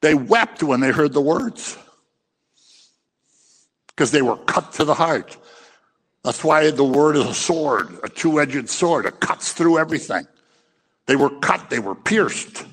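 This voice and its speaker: A man's voice: fairly high pitch, animated, takes it slowly, long pauses, fairly bright tone, breathy edge, big-room sound. A man preaching a sermon, impassioned and scolding, who acts out little scenes as he goes.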